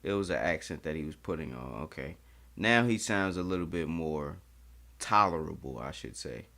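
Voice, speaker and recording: A man with a deep, low voice hosting a reaction video. He talks in a candid, chatty way and swears freely. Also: animated, moderate pace, creaky, sharp tone. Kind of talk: casual reaction commentary.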